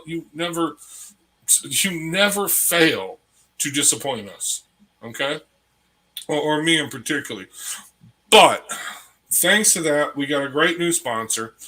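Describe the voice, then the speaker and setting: A man's voice: fairly high pitch, bright, forceful tone, poor audio. A man hosting an online discussion group, rambling and repeating himself, with mocking asides.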